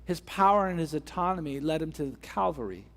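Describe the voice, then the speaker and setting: Man, pastor, sermon, slightly high voice, repeated rhetorical questions, building emphasis. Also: lively intonation, a little fast, fairly bright tone.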